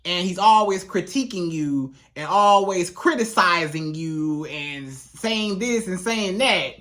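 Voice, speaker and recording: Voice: medium pitch, expressive, slow pace, a bit bright. A relationship coach giving casual, emphatic advice straight to the viewer, repeating points for stress. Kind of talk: casual advice monologue to camera.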